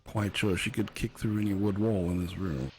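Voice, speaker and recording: Man, in-character roleplay, measured, dry, diplomatic. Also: low-pitched, fairly even intonation, darkish tone.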